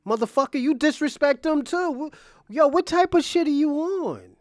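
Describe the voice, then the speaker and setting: High-voiced man ranting angrily. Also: normal speed, dry recording, clean studio sound. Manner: angry, profane, incredulous ranting. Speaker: commentary streamer. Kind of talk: heated reaction commentary.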